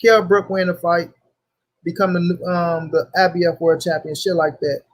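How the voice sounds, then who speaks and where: A man's voice: sits high, steady tone, moderate pace. A young man hosting a casual livestream, talking loosely in slang and greeting viewers by name. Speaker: livestream host.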